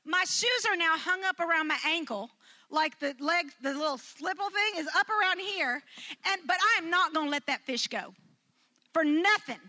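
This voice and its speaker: A woman with a bright, high voice shares a personal story before a live audience, animated and moderately paced. When she performs quotes her pitch leaps up dramatically, and laughter bubbles through the humorous bits.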